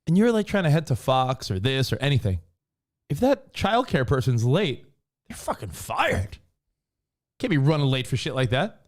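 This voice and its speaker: Animated man co-hosting a talk show. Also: normal speed. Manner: animated, acts out quoted people with big pitch jumps. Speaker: co-host. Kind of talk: casual radio show banter.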